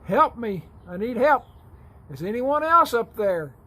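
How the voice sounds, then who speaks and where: A man playing a frantic man dangling from a cliff branch and shouting for help in a joke. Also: extremely high pitch, very animated, unhurried, pitched above the performer's own voice, exaggerated voice. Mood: panicked.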